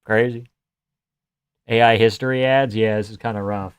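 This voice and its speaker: A young man from Canada hosts a livestream in a loose, cursing, sardonic way, riffing on the chat as it comes in. His voice comes across smooth and clear. The mic sounds close and dry, with no room sound. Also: lowish voice, steady tone, normal speed, dry recording. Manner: profane, sardonic, reads chat aloud. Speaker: livestream host. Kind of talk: casual chat.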